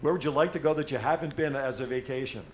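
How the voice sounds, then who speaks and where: A man's voice: mid-range voice, quick pace, slight background noise. A man hosting a casual live stream, asking long, jokey questions. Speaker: host.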